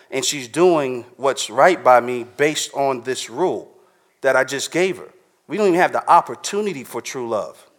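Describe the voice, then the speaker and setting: A man preaching a sermon to a live congregation in a casual, slangy, conversational way, often checking in with his listeners. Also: fairly high pitch.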